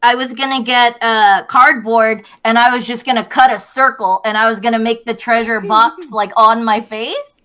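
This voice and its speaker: A young woman co-hosting a podcast in casual chat, telling a story in an animated way with bursts of laughter. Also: fairly high pitch, moderate pace, hardly any pauses. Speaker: podcast co-host.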